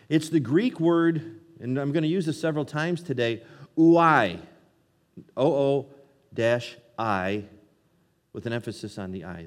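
A man preaching a sermon, earnest, reading scripture aloud and swinging between loud emphasis and hushed tones. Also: lowish voice, long reverb tail. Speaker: pastor.

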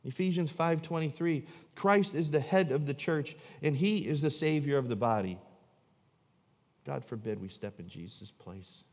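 Preaching man in a reverberant hall. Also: moderate pace. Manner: dramatic swings between loud emphasis and hushed low delivery. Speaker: pastor. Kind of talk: sermon.

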